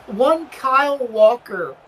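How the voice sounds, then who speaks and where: A man co-hosting a soccer podcast, sharing transfer news in a relaxed, casual way. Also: extremely high pitch, slow pace, far from the mic, rough recording. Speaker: podcast co-host.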